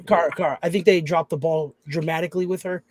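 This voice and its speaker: Slightly higher-voiced man in casual chat. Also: steady tone, quick pace, no room sound. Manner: agreeable, many short affirmations. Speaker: podcast co-host.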